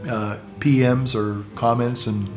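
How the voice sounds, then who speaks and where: A man vlogging in a casual, rambling monologue, with halting restarts, asides and chuckles at his own jokes. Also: medium pitch, fairly even intonation, soft background music.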